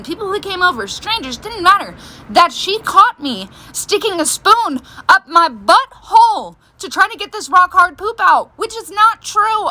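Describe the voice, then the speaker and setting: A young woman vlogger telling a personal story in a frank, animated, exaggerated way. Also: high-pitched, a little hiss or hum. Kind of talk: casual storytelling.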